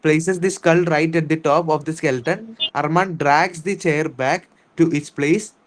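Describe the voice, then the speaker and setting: A man's voice: fairly high pitch, poor audio. Indian man explaining a story word by word. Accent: Indian English. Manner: explains words slowly and repeats, with restarts. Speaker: English teacher. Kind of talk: online reading lesson. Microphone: online class.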